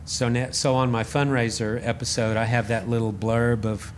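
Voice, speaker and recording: A man guest on a podcast, telling a story in a casual, animated and self-deprecating way, acting out the voices he quotes. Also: mid-range voice, moderate pace, a little hiss or hum. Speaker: podcast guest, radio host.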